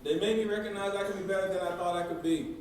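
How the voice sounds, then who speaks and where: A man's voice: sits high, racing, a little mellow. A man giving a banquet address, folksy and emphatic, with a slightly raised voice. He is heard from a distance. The sound echoes heavily through a big hall with background noise. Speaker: banquet speaker. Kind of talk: storytelling speech.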